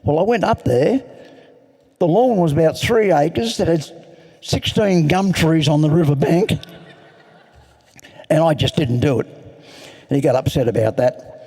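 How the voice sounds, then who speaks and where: Gravelly high-voiced older man. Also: measured pace, long pauses, mellow. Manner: rambling, self-mocking storyteller. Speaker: recovery meeting speaker. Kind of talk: personal story told to an audience. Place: large hall. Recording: echoey large hall.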